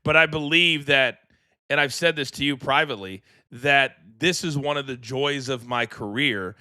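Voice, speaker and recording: A middle-aged man co-hosting a podcast, chatting casually and telling lively anecdotes. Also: medium pitch, moderate pace, clear, resonant tone, no room sound, clean studio sound. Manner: animated, acts out voices in anecdotes. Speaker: podcast co-host. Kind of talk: casual storytelling chat.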